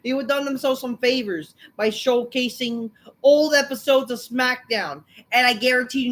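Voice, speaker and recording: A woman hosting a wrestling review, ranting angrily with constant swearing and bursts of shouting. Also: high voice, normal speed, hardly any pauses. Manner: angry, swearing, repeating insults.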